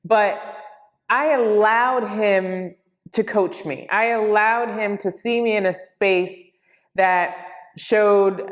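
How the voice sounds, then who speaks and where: Brief: woman in her forties, mid-pitched, relaxed storyteller, reflective and conversational. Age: 40s. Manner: conversational, reflective, animated in retellings. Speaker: speaker. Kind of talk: personal storytelling.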